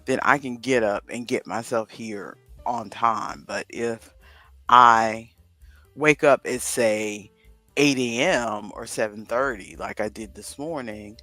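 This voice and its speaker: A man's voice: mid-range voice, takes it slowly, sharp tone, no echo, soft background music. A man co-hosting a casual livestream, rambling and thinking aloud to himself as he works through a crossword. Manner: rambling, talks to himself while solving a crossword. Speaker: livestream co-host.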